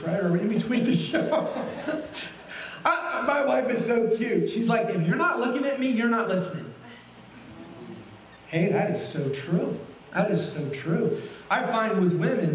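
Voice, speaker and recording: A man's voice: high-pitched, darkish tone, slight background noise. A middle-aged man preaching a sermon as a guest pastor, folksy and asking the congregation many questions. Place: church sanctuary. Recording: roomy, from a distance.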